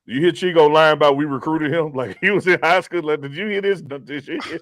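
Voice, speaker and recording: A man co-hosting a casual live stream, joking and teasing his partner and stumbling over repeated words when he gets excited. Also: a little high, brisk, slight background noise. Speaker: podcast co-host.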